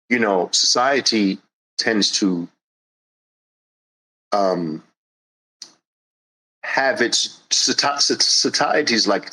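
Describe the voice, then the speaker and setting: A man's voice: fairly low pitch, sharp tone, low-quality recording. A man hosting a podcast, giving a blunt, passionate monologue with crude emphasis. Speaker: host.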